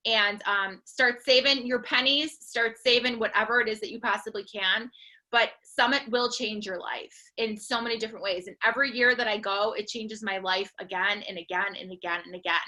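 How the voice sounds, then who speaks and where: A woman telling a story in a casual, animated way on a team call, full of "I was like" quotes. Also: mid-range voice. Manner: animated, gushing, heavy "I was like" quoting. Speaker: coach speaking on a team call.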